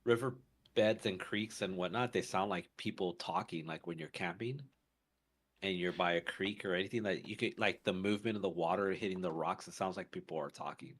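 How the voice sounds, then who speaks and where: A man's voice: sits low, a little fast, husky. A man co-hosting a podcast, telling a story in casual chat with lots of fillers and restarts. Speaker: podcast co-host.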